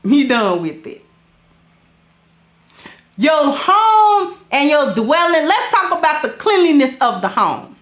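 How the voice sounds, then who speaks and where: A woman with gives casual advice. She talks in a high, unhurried voice, laughs often and acts out little scenes. The room around her sounds echoey. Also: big pitch swings, fairly bright tone. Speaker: podcast host.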